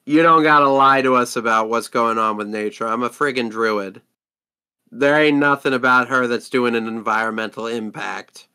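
A man voicing a blunt, irritable male druid adventurer in a tabletop game, talking in a gruff, streetwise way. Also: medium pitch, fairly even intonation, moderate pace, sharp tone, voice pushed down. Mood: irritated. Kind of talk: tabletop role-play.

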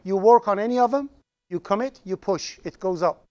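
A man's voice: sits high, normal speed. A man lecturing a college programming class, talking straight to his students and joking with them as he goes. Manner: joking, animated lecturer addressing students directly.

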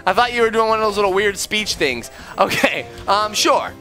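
A playful father chatting through a video game with his son in a fairly high, animated voice. He jokes, teases, and jumps into sudden squeals when things go wrong, while soft game music plays underneath. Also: moderate pace. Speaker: gaming video host, father. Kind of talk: casual gameplay commentary with his son.

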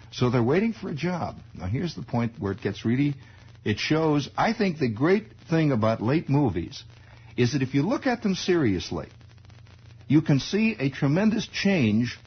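Wry rambling American radio storyteller. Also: male voice, medium pitch, husky. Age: 40s. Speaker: radio host. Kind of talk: improvised radio monologue. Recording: dull archival radio recording.

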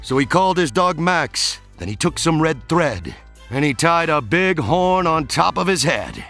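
Animated man reading a children's book. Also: fairly high pitch, a little slow, faint music behind. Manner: animated and expressive, stretching repeated words. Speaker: storybook reader. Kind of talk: children's book read-aloud.

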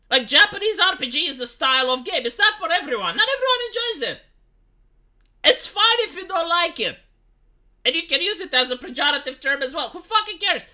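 Bright-voiced woman streamer, mocking and emphatic, ranting to her live chat. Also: high-pitched. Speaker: commentary streamer. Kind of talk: ranting opinion commentary. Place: home streaming setup.

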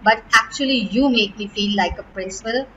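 A middle-aged woman with an Indian English accent, a school principal giving a heartfelt farewell to graduating students, emotional and close to tears, often pausing and restarting. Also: mid-range voice, a bit bright, muffled recording, a little hiss or hum. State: near tears.

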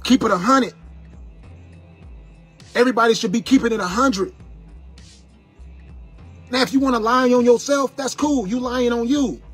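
A man's voice: high voice, fairly bright tone, slightly rough. A man angrily lecturing his viewers, repeating his warnings like a sermon. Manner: angry, repetitive, sermon-like warnings. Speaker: internet personality ranting to viewers. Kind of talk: angry preachy monologue.

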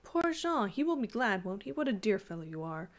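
A woman's voice: mid-range voice, very animated, brisk, natural voice. A woman reading as a sweet, teasing young wife. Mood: tender. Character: affectionate young wife, playful and gentle.

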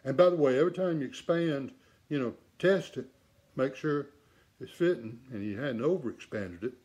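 A man's voice: medium pitch, moderate pace, darkish tone, breathy edge. A middle-aged man teaching saxophone repair in a casual demonstration, blunt and emphatic, with rhetorical asides.

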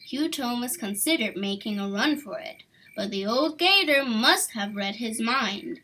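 A woman reading a children's book aloud with expressive, animated storytelling. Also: a little high, unhurried, rough recording. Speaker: storybook reader.

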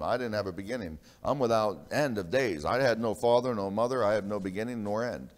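A man pastor preaching a sermon in a church, emphatic, swinging between loud and hushed and calling out to the congregation for an amen. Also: on the low side, brisk, few pauses. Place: church sanctuary. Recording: long reverb of a church hall.

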